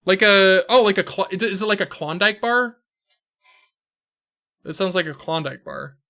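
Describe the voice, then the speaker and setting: A man's voice: high-pitched, measured pace, pushed and bright. A man streaming a game, loosely joking, swearing often and reading game dialogue aloud. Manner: loose, swears a lot, jokey. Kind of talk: casual let's-play commentary with read-aloud game dialogue.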